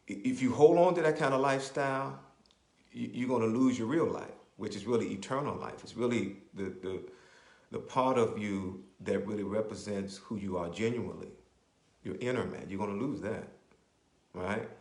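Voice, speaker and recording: A man preaching a sermon as a bishop, repeating phrases, checking in with "right?", and slowing down to explain scripture. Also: fairly low pitch, a little mellow. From Maryland, US. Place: church. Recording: roomy echo.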